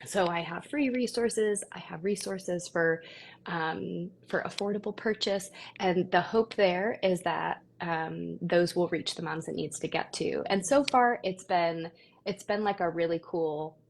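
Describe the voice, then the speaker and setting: A young adult woman on a live video call, sharing parenting advice in an earnest, animated way. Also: lowish voice, a little slow, creaky, a little hiss or hum. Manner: earnest, animated storytelling with quoted asides. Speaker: guest, parenting content creator. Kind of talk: casual live video chat.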